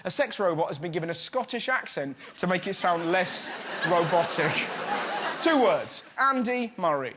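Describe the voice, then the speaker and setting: A man doing stand-up as host, animated and mock-outraged, shouting his punchlines. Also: high-pitched, moderate pace, a crowd in the background, background noise. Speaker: comedian host. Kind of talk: stand-up comedy. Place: TV studio with live audience. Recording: loud studio audience laughter.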